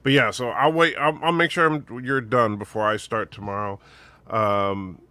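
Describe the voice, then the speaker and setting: Low-voiced bright man, earnest rambling chat. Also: fairly even intonation, normal speed, clean tone, dry recording. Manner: rambling and earnest, many fillers. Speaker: show co-host and streamer. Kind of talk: casual chat.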